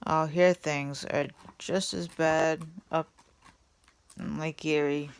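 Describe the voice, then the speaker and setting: A woman voicing a grumpy, coughing small male forest creature who scolds loudly in a storybook reading. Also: low voice, steady tone, takes it slowly, slight background noise. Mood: mournful. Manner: scolding, loud and pleading.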